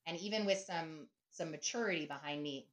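Chatty middle-aged woman, lowish voice. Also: brisk. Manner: chatty, often adds "right?", laughs easily. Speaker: podcast guest, author. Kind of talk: casual interview talk.

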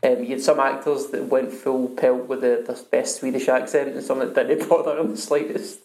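Man, measured, hedging, casual podcast talk, echoey room. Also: medium pitch, little pitch movement, darkish tone. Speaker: podcast co-host. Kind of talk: casual chat. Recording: roomy echo.

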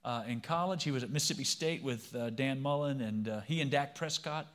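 A man's voice: mid-range voice, fairly quick, a bit bright. A man in his fifties, a pastor giving a sermon in a conversational way and often asking the congregation questions.

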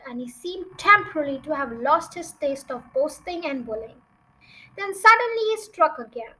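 A woman's voice: sits high, bright, forceful tone, low-quality recording. A young woman reading a children's novel aloud as a storyteller, with chatty asides to her listeners.

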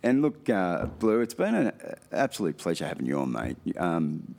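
A man's voice: low-pitched, sing-song, moderate pace, gravelly, darkish tone. A man with an Australian accent hosting a podcast, effusive and hearty, calling his guests mate. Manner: effusive, hearty, swears casually. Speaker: podcast host. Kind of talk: warm casual podcast chat.

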